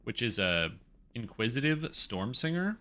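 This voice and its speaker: A man streaming a game, rambling through casual commentary, getting excitable and swearing casually. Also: medium pitch, unhurried.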